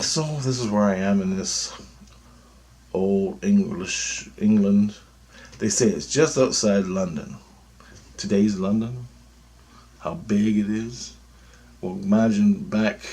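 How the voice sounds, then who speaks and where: A man's voice: fairly low pitch, darkish tone, slight background noise. A man in his fifties talking in a rambling monologue, blunt and full of profanity. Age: 50s. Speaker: vlogger.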